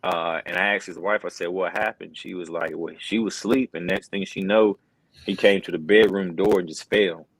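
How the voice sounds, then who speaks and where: A man's voice: sits low, steady tone, moderate pace, poor audio. A middle-aged wrestling commentator, telling an earnest personal story in a casual interview, full of fillers like "bro" and "man.".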